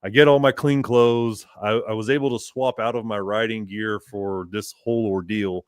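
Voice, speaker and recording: Lively storytelling man, dry close sound. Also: lowish voice, normal speed, no room sound. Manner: animated, laughing often, acting out both sides of the story. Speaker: podcast guest. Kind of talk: casual storytelling.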